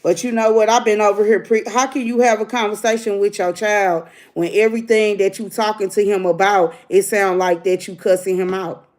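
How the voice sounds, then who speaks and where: A woman's voice: medium pitch, steady tone, fairly quick, hardly any pauses, darkish tone. A middle-aged woman, ranting bluntly to her livestream viewers like a preacher. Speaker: livestream host. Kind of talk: casual livestream rant.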